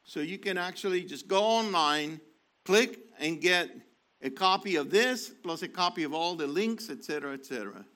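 In a high-pitched, animated voice that sounds pushed and bright, a man preaches at a normal speed. He reads a sermon from an online article, stressing key phrases by repeating them and restarting often.

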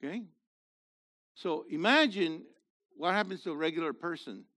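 Animated high-voiced male preacher. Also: moderate pace. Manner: animated and conversational, swinging from loud to quiet. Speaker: pastor. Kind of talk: sermon.

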